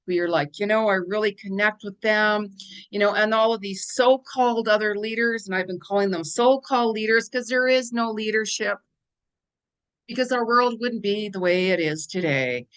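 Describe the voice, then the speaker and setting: A woman talks straight to her viewers in a loose, conversational spiritual forecast. She rambles a little and repeats words for emphasis. Her voice sits at an ordinary middle pitch for a woman. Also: a bit bright. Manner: chatty, rambling, emphatic repetition. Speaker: spiritual guidance channel host. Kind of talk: casual spiritual forecast monologue.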